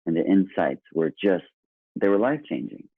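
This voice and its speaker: A man's voice: deep voice, sing-song, moderate pace, slightly rough, no room sound. A man telling stories in a casual podcast conversation, earnest and enthusiastic. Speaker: guest. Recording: tinny phone-line sound.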